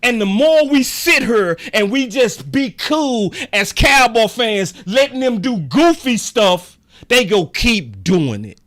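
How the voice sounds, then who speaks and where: A man's voice: very high voice, big pitch swings, slow pace, fairly bright tone. A man ranting heatedly as a sports commentator, repeating himself for emphasis in a fan vlog. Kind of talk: fan rant about a football game.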